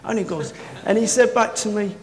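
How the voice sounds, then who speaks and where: A man preaching a sermon in a church, telling stories with swings from quiet to loud, wearing a mic. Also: high voice, fairly quick, vocal fry, crowd noise. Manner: excitable storytelling, swinging from soft to loud. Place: church hall. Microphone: worn mic. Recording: echoey hall, faint noise.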